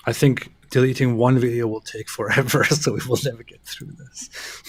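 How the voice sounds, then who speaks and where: A man co-hosting a livestream in casual chat, playful and excitable, often repeating himself. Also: mid-range voice, normal speed, husky. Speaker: co-host.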